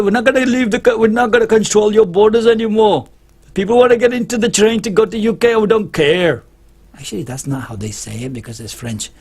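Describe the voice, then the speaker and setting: A man's voice: on the high side, husky. A man talking to camera in a casual opinion vlog, rambling and emphatic, with many restarts. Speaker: vlogger.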